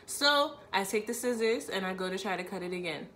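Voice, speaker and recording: A woman's voice: mid-range voice, expressive, brisk, a bit bright. A woman, casually telling a personal story to camera on her channel and acting out both sides of an argument. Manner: frequent "like" fillers, conversational.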